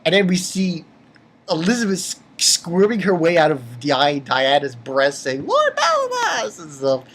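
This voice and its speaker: A manga reviewer excitedly rambles through a recap of a manga chapter, repeating himself, swearing casually, and slipping into high, squeaky voices whenever he quotes a line. His pace stays measured, and a faint hiss or hum sits in the background.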